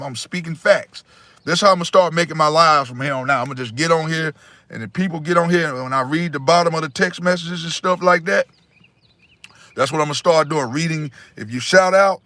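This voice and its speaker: Blunt, preachy male livestream host, slightly high voice, dry close mic. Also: fairly bright tone, dry recording. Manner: preachy, blunt, repeats himself, addresses viewers as y'all. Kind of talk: casual livestream talk to viewers.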